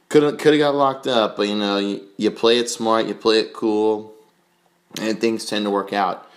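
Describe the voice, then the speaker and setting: A man's voice: on the low side, fairly even intonation, unhurried. A young man hosting a podcast, telling a rambling, self-mocking story full of fillers. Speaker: podcast host. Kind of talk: casual storytelling.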